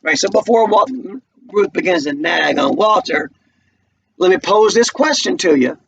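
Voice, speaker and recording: A male English teacher giving a relaxed, chatty recorded lesson from home, checking in with his students as he goes. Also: sits high, moderate pace, creaky, muffled recording, slight background noise. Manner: relaxed and chatty, asks the class questions.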